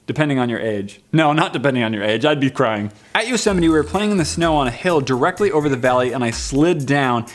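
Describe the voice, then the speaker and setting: A man's voice: mid-range voice, fast, few pauses. A man in his twenties hosting a vlog, reading viewer comments in a playful, joking way. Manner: playful, jokey, animated. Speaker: vlog host.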